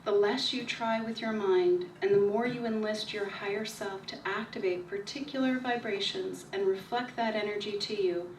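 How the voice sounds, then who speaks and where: A woman giving a calm, repetitive spiritual talk at her book signing, slowing down to stress key ideas. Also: mid-range voice, a little hiss or hum. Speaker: author speaking at a book signing. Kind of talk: spiritual talk to a small audience. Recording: echoey room recorded from far off.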